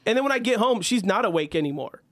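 A young adult man co-hosting a podcast, telling stories in a lively way and laughing often. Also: high voice, fast talker, dry recording, clean studio sound. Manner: animated storyteller, laughs often. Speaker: podcast co-host. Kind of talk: casual chat.

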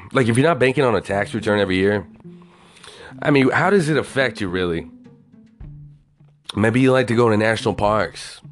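A man ranting in a casual, profane way, incredulous and swearing constantly. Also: deep voice.

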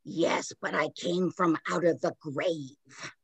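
A woman voicing a menacing old male ghost with a raspy, slow, drawn-out voice. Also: low voice, steady tone, dry recording, heavily acted.

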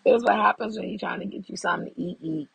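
Talking fast in a medium-pitched voice with vocal fry and a breathy edge, a woman podcasts from behind the wheel using her phone. She's lively and chatty with her audience, whom she calls y'all.

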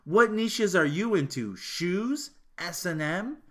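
A man's voice: high-pitched, slow pace. A man co-hosting a casual podcast chat, ranting animatedly with plenty of swearing. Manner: animated, profane ranting with laughter. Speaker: podcast co-host.

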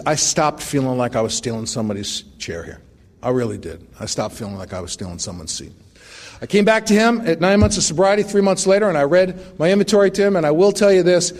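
A man's voice: high voice, darkish tone. A middle-aged man giving a personal recovery testimony, telling it in a wry, self-mocking way with frequent restarts. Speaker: recovery meeting speaker.

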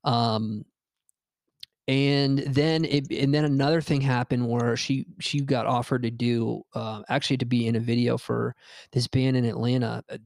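Rambling gravelly-voiced man telling a story. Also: mid-range voice, fairly even intonation, normal speed, a little mellow, dry recording. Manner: rambling, profane, with many fillers and restarts. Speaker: podcast host. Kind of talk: casual storytelling chat.

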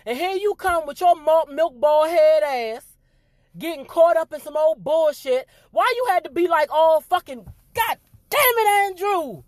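Loud, profane woman ranting to camera. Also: high voice, moderate pace, no echo, studio quality. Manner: loud, animated, cussing freely. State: voice giving out. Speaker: vlog host. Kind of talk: profane rant to viewers.

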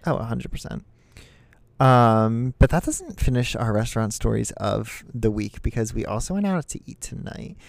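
A man's voice: mid-range voice, lively intonation, moderate pace, gravelly, dry recording. A young man co-hosting a podcast, telling stories in a laid-back, casual way. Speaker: podcast co-host. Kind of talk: casual chat.

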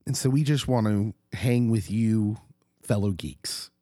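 A middle-aged man who co-hosts a podcast, talking casually while hoarse and husky from a recent illness, animated and laughing often. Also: lowish voice, a little slow, dry recording, studio quality. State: hoarse, getting over an illness. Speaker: podcast co-host, pastor.

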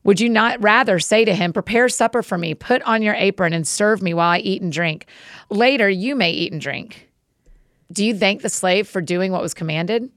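A woman hosting a podcast, greeting listeners warmly and then reading scripture aloud at a steady pace. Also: mid-range voice, moderate pace, no room sound, clean studio sound. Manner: friendly, encouraging intro then steady reading.

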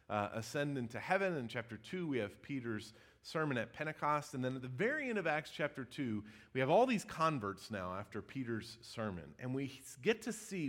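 A pastor preaching a sermon in a church, his voice rising emphatically and dropping to a hush. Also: mid-range voice. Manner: animated preaching with emphatic rises and hushed drops. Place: church sanctuary.

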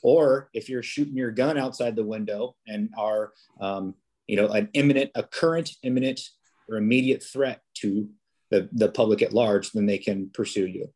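A man's voice: on the low side, moderate pace, a little mellow. A police officer, a man, chatting as a podcast guest, telling stories casually with many restarts and fillers. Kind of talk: casual interview storytelling.

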